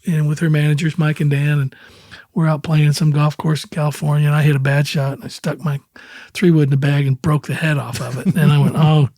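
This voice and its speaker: A man in his sixties talks as an interview guest, winding through anecdotes and acting out what others said with easy chuckles. His voice sits a little high for a man. The sound is dry and close. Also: fairly quick, no room sound. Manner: relaxed, rambling anecdotes with quoted dialogue and chuckles. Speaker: guest, country singer. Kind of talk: casual storytelling in an interview.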